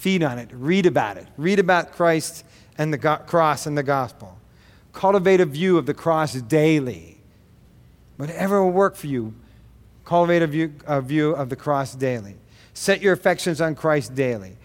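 A middle-aged man preaching a sermon, earnest and direct, with quick asides. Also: a little high, lively intonation, long reverb tail. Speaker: pastor. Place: gym.

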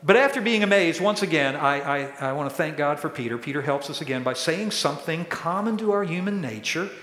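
A man preaches a sermon from the pulpit, his voice a touch high and echoing through a large, reverberant room. He acts out the questions he quotes, lifting his voice to play them. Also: lively intonation, brisk, a bit bright. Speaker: pastor. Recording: echoey hall with long reverb.

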